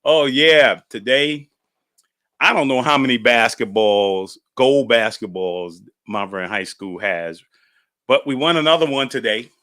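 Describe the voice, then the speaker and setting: A man's voice: medium pitch, a little slow, bright, forceful tone, dry recording, clean studio sound. A man hosting a podcast, talking in a chatty, folksy way and laughing as he tells stories. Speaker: podcast host. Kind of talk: casual podcast monologue.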